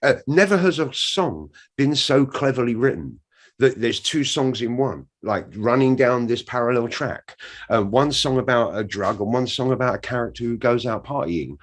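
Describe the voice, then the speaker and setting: A man's voice: mid-range voice, moderate pace. A man, telling an interview anecdote with energy and acting out the other voices in a cheeky way. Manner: energetic storyteller, acts out quoted voices, cheeky. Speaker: musician interviewee.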